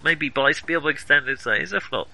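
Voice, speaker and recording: A middle-aged man co-hosting a casual film chat, animated and quick to laugh at himself. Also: on the high side, vocal fry, dry recording, poor audio. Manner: animated, laughs easily, self-deprecating. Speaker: podcast co-host.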